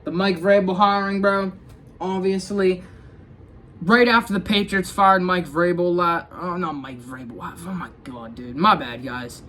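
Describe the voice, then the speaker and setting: A man's voice: high-pitched, a little slow, a bit bright, a little hiss or hum. A young man talking casually about football, rambling with many restarts and fillers like dude and bro, sounding tired. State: tired, yawning. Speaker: sports fan vlogger. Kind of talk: casual sports talk.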